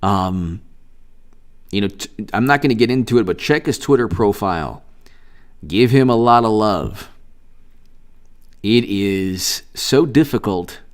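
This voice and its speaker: A man's voice: fairly low pitch, lively intonation, unhurried, long pauses, clean tone. A man hosting a casual live stream of political commentary, rambling and long-winded as he thanks viewers.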